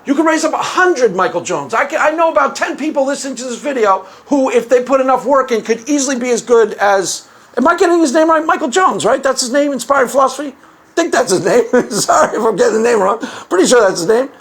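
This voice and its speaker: A man with a strikingly high voice talks through a casual commentary monologue on his own channel. He rambles and circles back to repeat his points, and he chuckles at his own jokes as he goes. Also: animated, fast, husky. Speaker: commentary video host.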